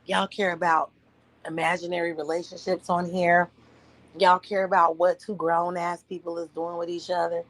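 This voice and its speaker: A woman ranting bluntly and profanely on a livestream from home, often mimicking others in a high voice. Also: little pitch movement, normal speed, fairly bright tone, low-quality recording. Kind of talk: casual livestream rant. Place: at home, partner asleep beside her.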